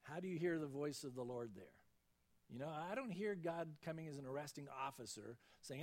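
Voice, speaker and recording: Man, pastor, high voice, conversational sermon, acts out quoted voices. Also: a little fast, a little mellow.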